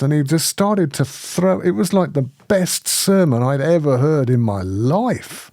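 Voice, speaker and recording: A man hosting a spiritual community, telling a personal story in lively conversation, often laughing and restarting his sentences. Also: on the high side, measured pace, few pauses, dry recording, studio quality.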